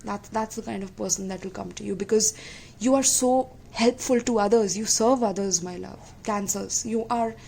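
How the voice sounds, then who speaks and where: A woman's voice: medium pitch, steady tone, normal speed, creaky. A woman reads tarot straight to her viewers in an earnest, affectionate way. She keeps checking in with little asides to her listeners. A faint hiss sits under her voice. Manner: warm, repeatedly checks in with "okay?" and "my loves"; gentle, emotional and earnest. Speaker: tarot reader. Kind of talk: tarot reading to camera.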